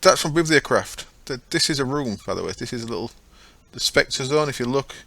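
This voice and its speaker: A man's voice: mid-range voice, expressive, a little fast, vocal fry, sharp tone, dry recording. A man giving casual, rambling commentary over his own gameplay, often correcting himself as he goes. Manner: chatty, rambling, self-correcting. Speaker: gaming channel host.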